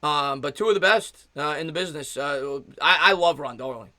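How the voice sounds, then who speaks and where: A man in his thirties calls a baseball game pitch by pitch as an excited fan, stopping to thank and answer his chat viewers. His voice is bright and forward, a little above the usual pitch for a man. The sound is dry and close, with no room around it. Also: normal speed, dry recording. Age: 30s. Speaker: fan play-by-play streamer. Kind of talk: live play-by-play commentary with chat replies.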